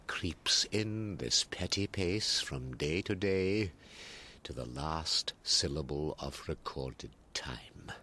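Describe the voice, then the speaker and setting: A man reciting as Macbeth, a grieving, weary warrior king, in classical stage style, dropping from hushed whispers to loud declaiming. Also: extremely low pitch, a little hiss or hum, heavily acted. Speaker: actor reciting Shakespeare.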